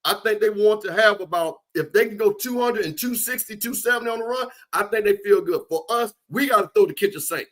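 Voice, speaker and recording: A man with a high, bright voice riffs on college football with a teasing, animated delivery. He leans on repetition and comic asides. He sounds like a regular co-host enjoying himself. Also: fairly quick, hardly any pauses. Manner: animated, joking, repeats names for emphasis. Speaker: co-host, sports analyst. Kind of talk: comedic sports chat.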